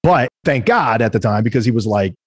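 Fast-talking husky man telling war stories. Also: medium pitch, no echo. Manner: animated, acts out quoted voices. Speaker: guest entrepreneur. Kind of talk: conversational storytelling.

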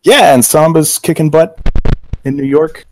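A middle-aged man in casual chat, telling a story about his job with quick quoted voices. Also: on the high side, a little hiss or hum. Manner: animated anecdote with acted quotes. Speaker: game company co-worker telling his hiring story.

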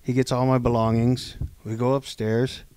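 A man on a podcast telling a long story casually, acting out the people in it and swinging between loud and hushed delivery. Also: medium pitch, normal speed, smooth, dry recording. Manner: animated, acts out quoted dialogue, swings between loud and hushed. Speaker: podcast co-host.

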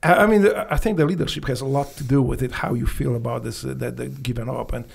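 A man with a Polish accent, speaking as a podcast guest and telling animated, profane stories in English that is not his first language. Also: medium pitch, fast talker, creaky, slightly rough. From Poland. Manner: profane, animated storytelling with non-native grammar. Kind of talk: casual storytelling.

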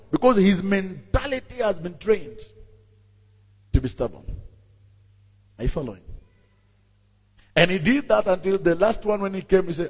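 A man, a pastor, preaching a sermon and telling a story with animated voices while calling out to his congregation. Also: high voice, normal speed, pauses often, husky. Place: church. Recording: long reverb in a church hall.

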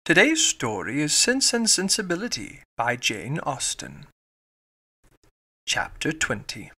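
A man narrating a classic novel as an audiobook, reading in a measured, even way. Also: a little high.

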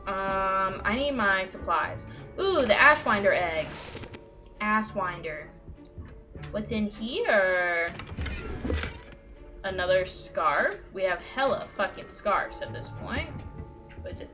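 A woman's voice: medium pitch, lively intonation, slow, long pauses, pushed and bright, low-quality recording. A young woman casually chatting and swearing while streaming a video game, reading lines aloud. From United States. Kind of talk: casual gameplay commentary. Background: game music.

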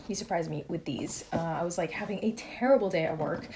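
A young adult woman chatting casually in a haul vlog, rambling and excitable as she shows her shoes. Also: on the low side, brisk, noisy background. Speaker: vlogger.

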